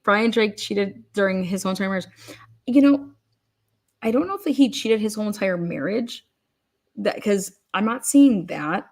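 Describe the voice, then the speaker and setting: A woman giving blunt, profane casual commentary, often acting out what others might say. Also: a little high. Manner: blunt, profane, acts out people in quoted rants.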